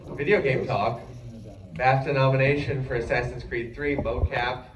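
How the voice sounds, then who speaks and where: A man with a mid-range voice hosts a convention panel, hyping each guest with fan-like enthusiasm. He sounds distant and roomy, as if heard from across a large hall. Steady noise runs under his voice. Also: mid-range voice, normal speed. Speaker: panel moderator. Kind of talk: moderating a convention Q&A. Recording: echoey hall recorded from far off with noise.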